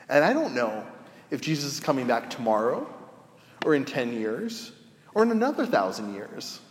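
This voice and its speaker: Male pastor, conversational sermon, booming reverb of a big hall. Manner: conversational storytelling, acts out quoted voices. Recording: roomy echo with long reverb.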